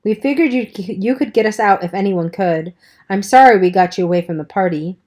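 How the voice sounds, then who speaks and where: Jittery teen boy, urgent and hushed, voiced by a woman. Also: medium pitch, a little fast, natural voice. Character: nervous quiet teenage boy.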